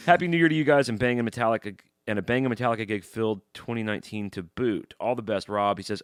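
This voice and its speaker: A man's voice: lowish voice, clear, resonant tone. A man hosting a casual podcast, reading fan mail aloud and joking with his co-host. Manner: fast, joking, animated.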